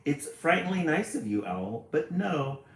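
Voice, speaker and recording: A man reading aloud the part of a bold little storybook mouse, brisk and lively. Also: fairly high pitch, roomy sound, voice pushed up.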